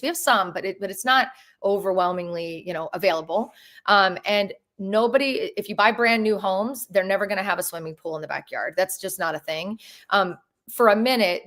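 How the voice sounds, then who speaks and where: A woman's voice: fairly low pitch, fairly bright tone. Bubbly chatty woman streaming live. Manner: bubbly, chatty, many restarts and fillers. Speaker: real estate agent and host. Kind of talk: live stream Q&A, casual chat.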